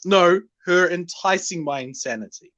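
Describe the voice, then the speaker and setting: A man's voice: sits high, normal speed, a bit bright. A man from New Zealand, a regular guest on a casual livestream, talking in a defensive, rambling way.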